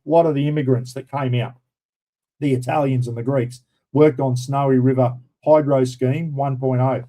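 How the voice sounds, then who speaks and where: An Australian man hosts a casual livestream in a mellow, medium-pitched voice, ranting bluntly and indignantly. He swears freely and addresses his viewers as "everyone." The recording is low quality.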